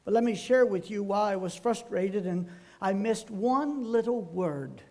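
A man's voice: sits high, lively intonation, unhurried, mellow. An older man, a pastor, giving a folksy sermon full of homespun, rambling anecdotes.

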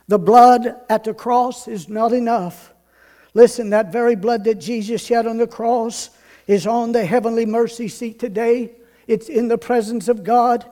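An older man preaching a sermon, building to loud emphatic repetition and then dropping to quiet storytelling. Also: extremely high pitch. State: out of breath.

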